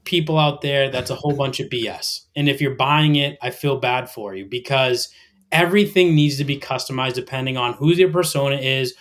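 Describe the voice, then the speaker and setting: A middle-aged man in a casual podcast chat, pitched squarely in the middle for a man. He speaks with energetic, emphatic drive, in the rising cadence of a would-be motivational speaker. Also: normal speed. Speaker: podcast guest.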